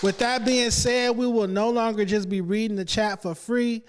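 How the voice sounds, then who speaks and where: A man hosting a casual podcast with loud, joking energy and a Los Angeles accent. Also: high voice, steady tone, normal speed, big-room sound, noisy background. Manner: loud, hype, joking host. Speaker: podcast host.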